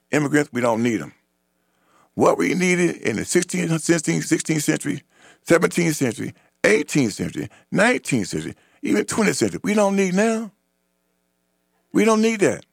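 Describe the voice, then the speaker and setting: A man's voice: mid-range voice, gravelly, dry recording, studio quality. A man hosting a radio talk show, delivering an emphatic, repetitive opinion monologue.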